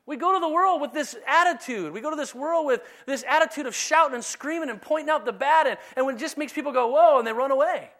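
A man preaching a sermon in a conversational, animated way, now and then dropping to a soft, low delivery. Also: fast talker, hardly any pauses. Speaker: pastor.

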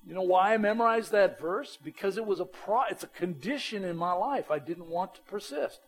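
A man preaching a sermon as a pastor, animated and emphatic, with a plain-spoken way of talking. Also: high voice, brisk, rough recording.

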